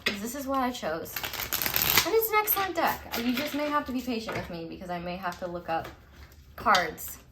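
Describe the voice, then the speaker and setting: The recording is very noisy, and this tarot reader's voice is a little high, lively in intonation, and a bit fast. She gives a casual pick-a-card reading, chatty and emphatic, using "like" a lot, swearing casually, and laughing often.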